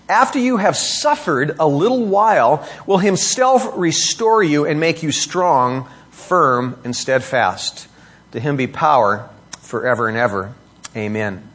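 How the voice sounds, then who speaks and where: A middle-aged man preaching a sermon, reading scripture and explaining it with rhetorical questions and pitch that rises for emphasis. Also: animated, a little slow, fairly bright tone, slightly rough. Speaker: pastor.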